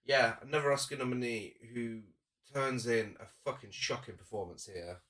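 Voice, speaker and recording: A man's voice: medium pitch, moderate pace, a bit bright, far from the mic. A man co-hosting a horror film podcast, chatting casually and enthusiastically while reviewing a movie. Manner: enthusiastic, lists cast credits. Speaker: podcast co-host.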